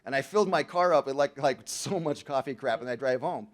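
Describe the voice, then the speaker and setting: A man telling a joke-filled story to a recovery meeting audience in a large hall, full of slang like "bro" and "man", dropping to a hush and then rising to loud shouting. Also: medium pitch, fairly quick. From Southern California. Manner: slangy, joking, calls the crowd "bro" and "man". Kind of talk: storytelling talk to a live audience.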